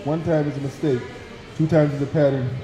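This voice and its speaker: A man who played college football, a guest on a talk show, speaking in a relaxed, slangy way with stammering restarts. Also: on the high side, a little fast, over music. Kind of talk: casual talk-show conversation. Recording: echoey room.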